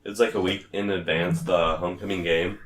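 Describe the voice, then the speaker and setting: A man's voice: deep voice, brisk. A young man guesting on a casual podcast, telling stories with crude jokes and lots of swearing. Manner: animated, crude joking storyteller. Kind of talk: casual chat. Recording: echoey room.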